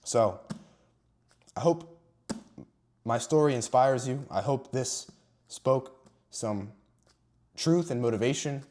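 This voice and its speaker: A man's voice: mid-range voice, expressive, takes it slowly, pauses often, darkish tone. A young man giving an earnest, emphatic motivational talk about faith to camera. He stresses and stretches key words and at times sounds emotional. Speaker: Christian motivational vlogger.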